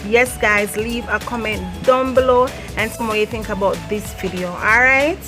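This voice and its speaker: A woman's voice: on the high side, moderate pace, pushed and bright, faint music behind. A Jamaican woman vlogger teaching patois phrases, playful and repeating words for practice. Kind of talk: lively language lesson.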